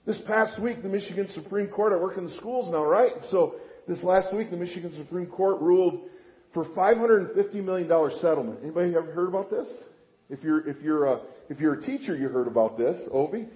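Pastor guy with a high voice, preaching, lots of rhetorical questions, muffled lo-fi audio. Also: fairly quick. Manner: lively, rhetorical questions, animated swings in volume. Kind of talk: sermon.

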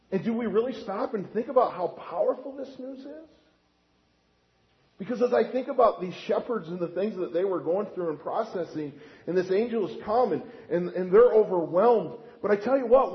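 High-voiced pastor preaching with animated swings. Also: male voice, lo-fi sound. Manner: lively, rhetorical questions, animated swings in volume. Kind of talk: sermon.

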